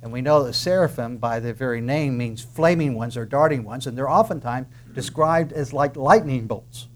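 A man preaching a sermon emphatically, asking rhetorical questions and dropping into soft asides. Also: mid-range voice, normal speed. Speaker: pastor.

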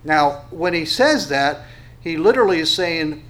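A man preaching an expository sermon in a conversational way, with fillers, restarts and questions to his listeners, slowing down to read scripture aloud. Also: on the high side, lively intonation, fairly bright tone, rough recording. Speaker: pastor.

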